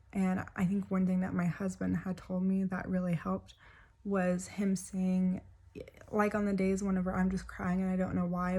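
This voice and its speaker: A young woman speaking softly and hesitantly to camera, sharing a personal story with many pauses and fillers. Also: medium pitch. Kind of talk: personal confessional talk to camera.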